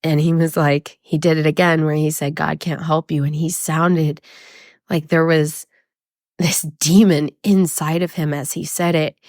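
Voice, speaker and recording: A woman's voice: low voice, level tone, a little slow, a little mellow, no echo, clean studio sound. A woman hosting a podcast, talking in a raw, emotional and blunt way with swearing, tearful as she speaks. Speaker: podcast host. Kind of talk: confessional podcast monologue.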